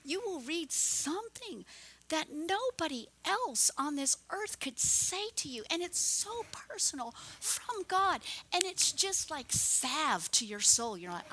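A woman's voice: high voice, sing-song, slow, sharp tone, a little hiss or hum. A woman pastor preaching a fervent, encouraging sermon.

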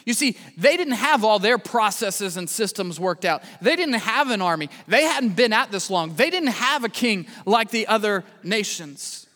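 Male pastor, animated storyteller, bright tone. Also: sits high, moderate pace, hardly any pauses, in a large hall. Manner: animated storytelling with asides to the congregation. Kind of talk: sermon.

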